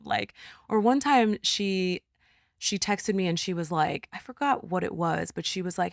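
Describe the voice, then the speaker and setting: A woman in her thirties, a podcast guest, telling stories in an animated, affirming way. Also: fairly low pitch, moderate pace, no room sound, studio quality. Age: 30s. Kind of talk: casual chat.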